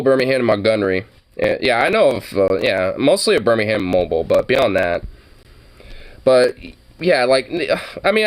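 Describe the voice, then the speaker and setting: A man's voice: on the low side, clean tone. A man from Oregon giving casual reaction commentary, rambling, swearing freely and laughing often. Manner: rambling, profane, laughs a lot. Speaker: reaction video host.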